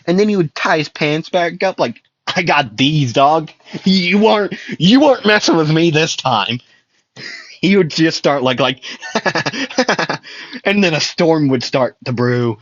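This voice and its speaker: A man's voice: mid-range voice, no room sound, lo-fi sound. A young man improvising an anime fan story, rambling with many fillers and restarts and laughing at his own jokes. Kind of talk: improvised fan story, voicing characters loosely.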